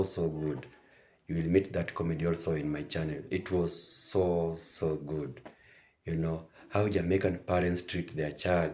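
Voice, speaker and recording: Male reaction host with a very low voice, enthusiastic and repetitive chat. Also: darkish tone. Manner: enthusiastic and repetitive, circling back to his points. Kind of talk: casual commentary to viewers.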